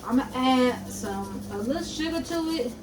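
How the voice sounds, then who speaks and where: A woman's voice: high-pitched, animated, moderate pace, noisy background. A woman, chatting casually to her viewers as she cooks in her home kitchen and calls them y'all and baby. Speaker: cooking vlogger. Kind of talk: casual cooking tutorial.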